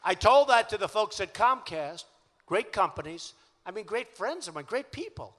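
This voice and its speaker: An older man with a New York accent delivers a rambling, boastful campaign rally speech, circling back to repeat himself in a chatty way. His voice is high-set and bright, with a sharp, forceful edge. The recording carries the long echo of a large civic hall. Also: animated, moderate pace. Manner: boastful, repetitive, conversational. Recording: echoey hall.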